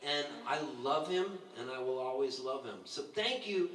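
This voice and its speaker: A man's voice: medium pitch, normal speed. A man in his sixties giving a roast tribute at a bar, telling stories with laughter and acting out quotes from others. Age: 60s. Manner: animated, laughing storyteller who acts out quotes. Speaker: roast speaker. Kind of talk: storytelling tribute at a live roast. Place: bar with a live audience. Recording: echoey room, distant mic, background noise.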